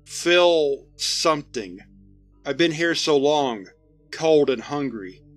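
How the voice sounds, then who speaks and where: A man reading the part of a starving, apologetic monster-man soldier, speaking slowly and softly in a begging tone. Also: fairly high pitch, lively intonation, soft background music. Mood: pleading. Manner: slow, soft, begging.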